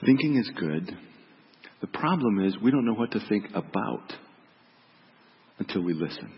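A middle-aged man, a pastor, giving a reflective, gentle sermon and dropping softly on key words. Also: lowish voice, very animated, moderate pace. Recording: dull reverberant hall recording.

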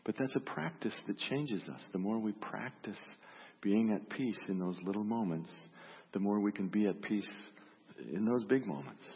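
Low husky-voiced man preaching a sermon. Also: normal speed, long reverb tail, muffled recording. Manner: reflective, storytelling, repeats questions. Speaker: pastor.

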